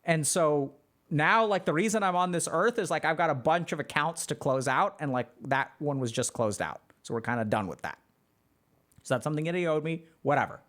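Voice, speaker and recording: A man's voice: on the high side, brisk, natural voice. Serene male teacher, nonchalant and slangy, as a streamer puts him on. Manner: offhand, calm, casual slang.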